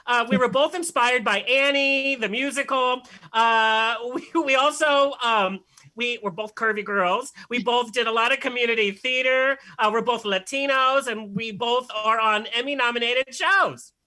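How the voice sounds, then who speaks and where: A man's voice: very high voice, measured pace, pushed and bright, rough recording. A young man from Southern California hosting a chat show, playful and campy in his banter. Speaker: podcast host. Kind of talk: casual chat.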